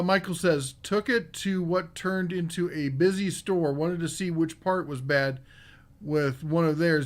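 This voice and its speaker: Guy hosting a live tool stream, kinda high voice, rambles and says uh a lot. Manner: casual and rambling, with many fillers. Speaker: podcast host. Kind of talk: live stream chat, reading viewer comments.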